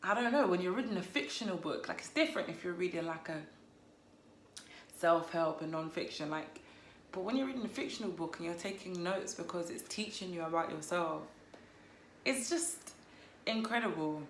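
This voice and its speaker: A woman chats casually about a novel she loved, playful and amused at her own jokes. Her voice sits fairly low for a woman. The room adds a noticeable echo around her. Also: lively intonation, normal speed, a little hiss or hum. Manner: chatty, playful, laughs at herself. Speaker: book vlogger. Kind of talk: casual book review. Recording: roomy echo.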